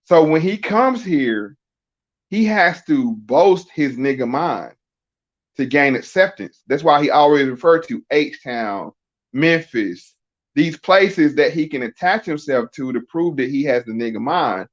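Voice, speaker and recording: A man's voice: on the high side, a little slow. Emphatic man explaining, lo-fi sound. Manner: animated, emphatic explaining with rhetorical questions. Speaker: podcast guest. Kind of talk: casual podcast conversation. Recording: dull lo-fi sound.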